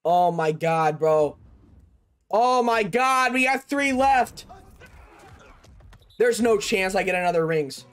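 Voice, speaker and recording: A young man narrating a video game pack opening, excited and chatty, calling out each card and shouting over big pulls. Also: sits high, slow pace, long pauses, smooth, dry recording. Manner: hyped, shouts over big pulls, says "bro" a lot. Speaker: gaming YouTuber.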